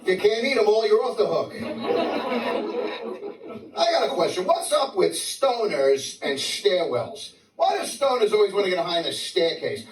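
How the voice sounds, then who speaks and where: With a high-sitting voice, big pitch swings and a normal pace, a man from New York City performs brash live stand-up at a comedy club, restarting with stammers and firing off crude punchlines. The roomy recording, taken from a distance, carries audience laughter.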